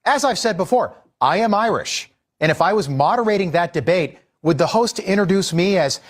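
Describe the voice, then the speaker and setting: Man, news host, high pitch, exasperated commentary, emphatic. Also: lively intonation, normal speed. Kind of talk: opinion commentary.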